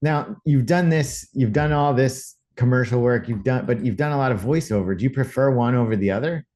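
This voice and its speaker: A man hosting a casual interview, easygoing and quick to laugh as he asks follow-up questions. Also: medium pitch, a little mellow. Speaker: podcast host.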